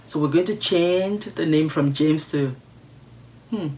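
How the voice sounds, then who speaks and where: A woman with a low-pitched voice talks straight to camera, reading letters from viewers and reacting to them. She is outspoken and emphatic, and she repeats her points to press them home. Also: measured pace, darkish tone. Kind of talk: casual vlog commentary.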